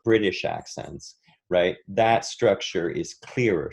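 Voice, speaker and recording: A man from the United States, a voice and speech coach, explaining pronunciation in a relaxed interview and demonstrating vowel sounds. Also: low-pitched, a little slow, gravelly. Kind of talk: conversational interview answer.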